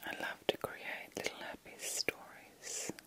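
The speaker is a middle-aged woman hosting a nighttime ASMR vlog from her bed. She whispers in a bright, pushed voice, unhurried, gentle, and thoughtful.

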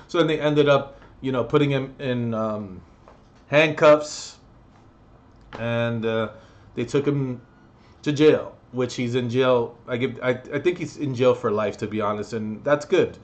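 A man's voice: medium pitch, measured pace. Blunt rambling young man. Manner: blunt, rambling, profane, many fillers. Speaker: vlogger. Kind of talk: casual storytelling vlog.

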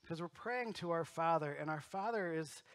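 A middle-aged man pastor delivers a storytelling sermon in a church. His voice sits high for a man and rings bright and forward. He swings from punchy, loud emphasis to soft, intimate asides. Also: moderate pace. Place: church sanctuary.

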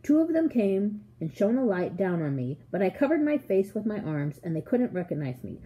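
A woman narrates a children's storybook aloud with expressive, measured pacing. Her voice is mellow and warm. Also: mid-range voice, poor audio. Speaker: audiobook reader.

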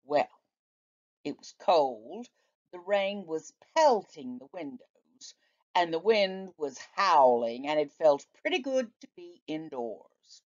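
Slow, lively storytelling teacher. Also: female voice, sits low. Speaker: teacher reading aloud. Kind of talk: storybook read-aloud. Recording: dull lo-fi recording.

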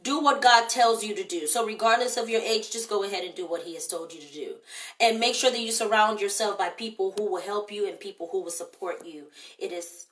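A woman's voice: mid-range voice, sharp tone. A woman hosting a live online show, giving emphatic, direct motivational talk and answering viewer comments. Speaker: livestream show host. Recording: echoey, distant livestream audio.

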